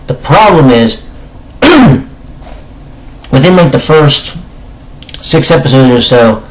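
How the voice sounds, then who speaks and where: A man giving a casual spoken anime review, chatty and emphatic. He often corrects himself mid-sentence, and his voice is slightly hoarse with some throat-clearing. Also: medium pitch, slow pace, slight background noise, low-quality recording.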